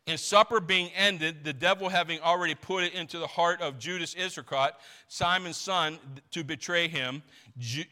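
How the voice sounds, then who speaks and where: A man's voice: a little high, sharp tone. A man preaching a sermon as pastor, emphatic and repeating his key phrases, now and then acting out the people in his stories.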